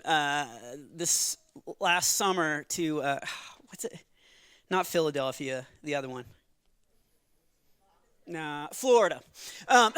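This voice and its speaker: A man in his forties doing a stand-up comedy set, telling chatty stories and acting out quick quotes of the people in them. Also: high-pitched, pushed and bright, no room sound, clean studio sound. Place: live venue with audience.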